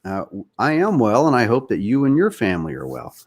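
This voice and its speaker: A man's voice: mid-range voice, wildly swooping pitch, fairly quick, darkish tone. A man hosting a podcast, with a slight Southern US accent, giving earnest, opinionated political talk and speaking straight to his listeners. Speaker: podcast host.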